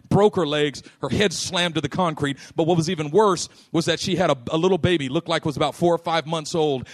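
A man preaching a sermon, telling a personal story and acting out its voices, dropping soft and low in quiet moments and shouting at the peaks.

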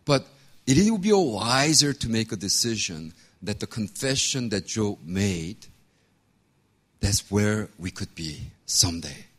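Animated man telling a sermon story. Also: fairly low pitch, takes it slowly. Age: 50s. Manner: animated storytelling, acts out voices, laughs often. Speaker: pastor.

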